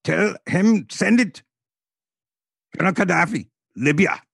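A man's voice: high-pitched, animated, measured pace, vocal fry, fairly bright tone, husky, no room sound, studio quality, pitched above the performer's own voice, exaggerated voice. A man putting on a curt, commanding foreign dictator. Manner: clipped broken phrases, emphatic.

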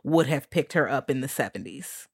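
A woman's voice: rumbling low, expressive, moderate pace, a little mellow, slightly rough. A woman co-hosting a podcast, reacting to a horror film in a blunt, casual way with plenty of swearing. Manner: blunt, profane, conversational. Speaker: podcast co-host. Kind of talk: casual movie recap chat.

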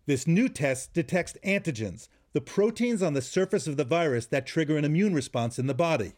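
Calm male medical correspondent. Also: a little high, brisk. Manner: calm, explanatory. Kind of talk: news report narration.

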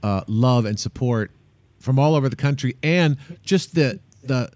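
A man hosting a podcast in casual chat, relaxed and talkative with frequent fillers. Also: mid-range voice, measured pace, no room sound. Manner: relaxed, chatty, hesitant fillers. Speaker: podcast host.

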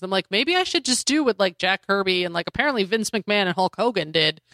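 A woman co-hosting a casual comic-book chat, sarcastic and profane, acting out characters in quick asides. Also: mid-range voice, animated, fairly bright tone, no echo, clean studio sound. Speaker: podcast co-host.

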